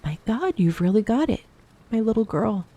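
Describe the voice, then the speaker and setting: A woman voicing a middle-aged mother who is flustered and emotional, speaking gently and fussing over her daughter in an audiobook. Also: on the low side, fairly quick. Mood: tender. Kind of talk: audiobook dialogue reading.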